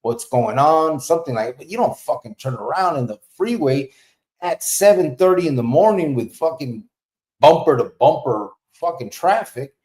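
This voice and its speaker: A man's voice: fairly high pitch, lively intonation, moderate pace, warm tone. Profane storytelling man, roomy sound. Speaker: podcast host. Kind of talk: casual storytelling. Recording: roomy echo.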